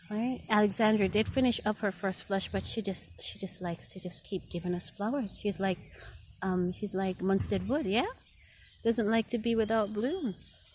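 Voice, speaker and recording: A woman filming a casual walkthrough of her rose garden, talking straight to her viewers and gushing with excitement over each plant. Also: medium pitch, slight background noise. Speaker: garden vlogger. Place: outdoor garden.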